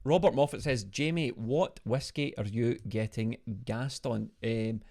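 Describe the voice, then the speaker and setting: A man's voice: mid-range voice, a little slow, a little mellow. A Scottish man co-hosting a live fan stream from home, joking, laughing a lot and reading out viewer comments. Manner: jokey, laughs often, Scottish slang. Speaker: podcast co-host. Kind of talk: lively live-stream banter. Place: home video call.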